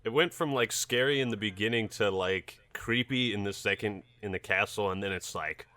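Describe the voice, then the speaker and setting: A man's voice: on the low side, moderate pace, pushed and bright, no echo. A man hosting a podcast, joking and laughing through a casual group debate. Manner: jokey, laughs often. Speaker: podcast host.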